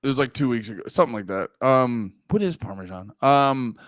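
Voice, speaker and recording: A man's voice: medium pitch, animated, brisk, no room sound, clean studio sound. A young man co-hosting a casual comedy podcast from home, talking crudely and jumping into silly put-on voices. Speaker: podcast co-host.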